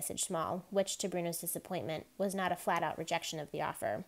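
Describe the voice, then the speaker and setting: A woman reading a novel aloud in steady, quiet narration. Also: lowish voice, a little fast. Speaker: reader.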